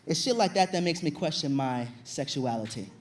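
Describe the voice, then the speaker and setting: A young man with a high voice performs stand-up on a club stage, acting out his story with sudden loud outbursts. Faint room noise sits behind the voice. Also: moderate pace. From Virginia, USA. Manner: animated storytelling, loud acted-out shouts. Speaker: stand-up comedian. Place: comedy stage before an audience.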